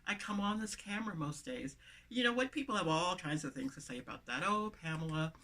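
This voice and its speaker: A woman's voice: fairly low pitch, sing-song, a little fast, a bit bright. Woman with a lisp, emphatic motivational vlogger. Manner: emphatic, repeating phrases for emphasis. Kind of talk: motivational talk to camera. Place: inside a van.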